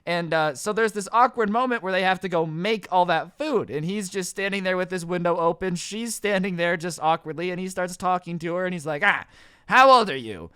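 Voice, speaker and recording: A man's voice: high voice, brisk, hardly any pauses, a bit bright, clean tone, no room sound, clean studio sound. A young man telling a comedic storytime rant, exasperated and sarcastic.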